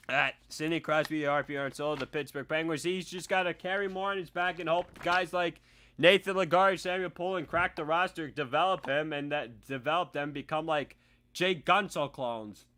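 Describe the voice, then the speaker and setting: A man hosting a casual sports talk show, giving opinionated takes that swing into loud ranting. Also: on the high side, normal speed. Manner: opinionated, ranting, often shouting.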